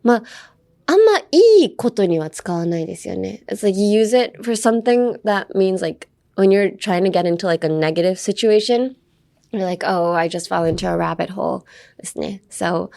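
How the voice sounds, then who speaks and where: A woman's voice: medium pitch, animated, fairly quick, mellow. A young woman hosting a casual English lesson podcast, explaining phrases in a chatty, playful way full of fillers, switching at times into Japanese. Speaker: English teacher host.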